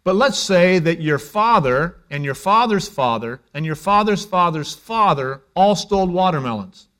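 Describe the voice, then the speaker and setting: A middle-aged male pastor preaching a sermon in a conversational way, dropping to a hush and then rising to emphasis. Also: sits high, expressive, normal speed. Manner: conversational preaching, shifts between hushed and emphatic.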